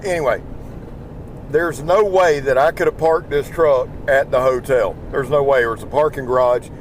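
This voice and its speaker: A mid-range male voice belongs to a weary YouTube knife channel host chatting as he drives his pickup truck. Southern-accented and folksy, he rambles and swears freely, recorded on a small in-truck microphone with a touch of background noise.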